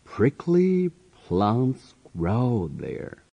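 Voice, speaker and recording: A man reading a simple story aloud in short phrases, slowly and evenly, so that learners can repeat each one. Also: medium pitch, wildly swooping pitch, creaky, slightly rough, highs cut off. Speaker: reading teacher.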